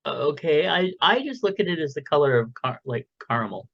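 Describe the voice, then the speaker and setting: A man's voice: a little high, expressive, brisk, vocal fry, highs cut off. A man co-hosting a podcast in casual, rambling chat, joking and trailing off with fillers, recorded at home. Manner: rambling, jokey, lots of fillers. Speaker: podcast co-host. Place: home recording room, window open.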